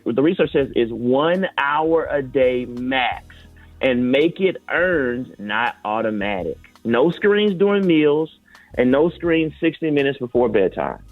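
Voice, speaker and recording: A man's voice: medium pitch, no room sound. Earnest male doctor on a phone line. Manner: earnest, explanatory, lecturing. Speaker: guest doctor. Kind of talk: expert advice on radio. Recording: phone-line sound, dry.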